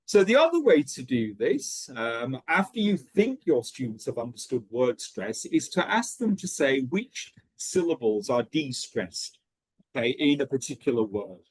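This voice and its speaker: Husky, lively-voiced man explaining teaching methods. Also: mid-range voice, a little slow, no room sound. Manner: explanatory, checks in with frequent "okay?". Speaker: teacher trainer. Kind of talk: pronunciation teaching webinar.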